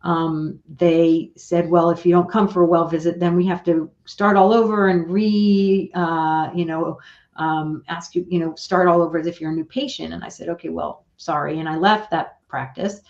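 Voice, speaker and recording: A woman's voice: lowish voice, moderate pace. Chatty older woman, lo-fi sound. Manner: chatty, animated retelling with quoted dialogue. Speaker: guest. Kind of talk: casual storytelling on a talk show. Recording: dull lo-fi remote audio.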